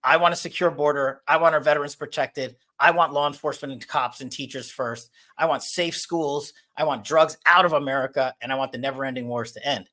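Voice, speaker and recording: A man talks as a guest on a political interview show. He has a bright, cutting tone and a punchy, emphatic delivery. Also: on the high side.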